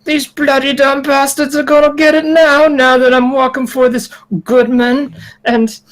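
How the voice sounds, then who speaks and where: A man's voice: very high voice, level tone, measured pace, fairly bright tone, voice pushed up, low-quality recording. A man voicing a cocky, vengeful young male fighter in a faux Irish accent, boastful and drawn out.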